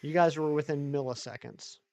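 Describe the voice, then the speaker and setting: On his live stream, a man with a gravelly, mellow voice on the high side talks a little fast. He reads viewers' chat aloud, responds to it, and rambles casually, restarting often.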